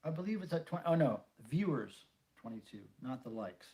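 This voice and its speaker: Casual livestream host, middle-aged man, banters and reads chat, slightly raised pitch. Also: sing-song, a little fast, warm tone. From North Carolina, USA. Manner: chatty, jokey, reads viewer comments aloud. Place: home room.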